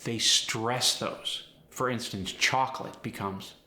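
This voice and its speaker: A man coaching accents, explaining step by step in a clear, instructional way. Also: mid-range voice, steady tone, takes it slowly, pushed and bright, reverberant. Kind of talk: instructional lesson.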